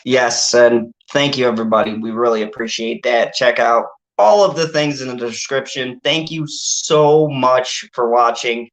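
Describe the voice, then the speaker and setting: A man's voice: mid-range voice, unhurried, hardly any pauses, low-quality recording. Rambling man hosting a movie chat. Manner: rambling, laughing, frequent fillers. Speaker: channel host. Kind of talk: casual movie review chat.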